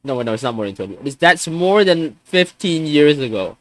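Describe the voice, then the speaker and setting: Agitated young man venting with lively pitch. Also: normal speed, no room sound. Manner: frustrated, swearing, stammering restarts. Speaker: streamer. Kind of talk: venting on a live stream.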